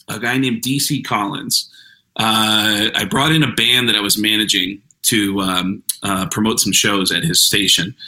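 A male stand-up comedian spinning a casual, profane story in an interview, his voice bright and forward. He talks loosely, drops curses freely and keeps breaking into other people's voices as he goes. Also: lowish voice, low-quality recording. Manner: profane, animated, slips into voices.

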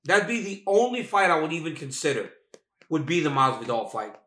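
Over a video call from a hotel, a man co-hosts a fight talk show, joking and teasing in a loose, repetitive style and laughing often. His fairly high voice is brisk, bright and forceful, and the room sounds echoey.

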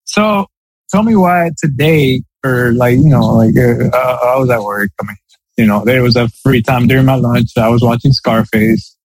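A man chatting on a podcast, rambling through his thoughts with plenty of fillers and restarts. His voice is slightly husky. It sits at an ordinary pitch, and the sound is dry and close to the mic. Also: normal speed, dry recording, rough recording. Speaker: podcast co-host. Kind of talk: casual podcast chat.

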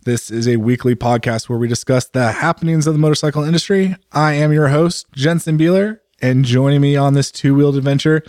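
A man hosting a podcast in casual, teasing banter, sounding sick and rough. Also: medium pitch, brisk, hardly any pauses, a little mellow, no room sound, clean studio sound. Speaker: podcast host.

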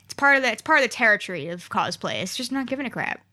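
A high, bright young woman talking fast and chattily in a podcast interview. She is animated and keeps acting out what fans say to her. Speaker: guest cosplayer.

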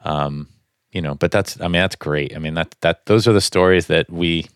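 Man, podcast host, casual chat, very low voice, easygoing, dry sound. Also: moderate pace, smooth, no room sound.

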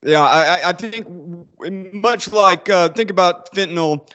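Male author guest with a fairly high voice; thoughtful, measured, hesitant delivery. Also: bright, forceful tone, muffled recording. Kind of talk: interview answers.

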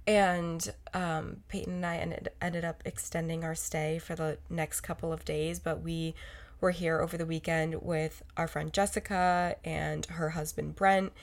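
A woman with a lowish, gravelly voice co-hosts a podcast in a casual chat. She rambles and corrects herself as she talks. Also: little pitch movement, measured pace. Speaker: podcast co-host.

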